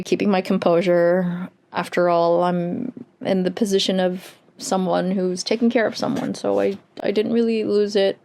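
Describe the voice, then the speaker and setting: A woman's voice: medium pitch, measured pace, gravelly, a little mellow. Earnest woman sharing her healing story. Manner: earnest, reflective, with laughs and sighs. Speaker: energy healer. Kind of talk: personal storytelling to camera.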